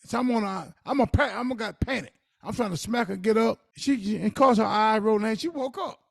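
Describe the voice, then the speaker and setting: A man's voice: sits high, brisk, creaky, dry recording, studio quality. A middle-aged man co-hosting a podcast, talking emphatically in casual dialect and telling stories from his own life. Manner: emphatic, animated storytelling with dialect speech. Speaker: podcast co-host. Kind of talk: casual conversational advice.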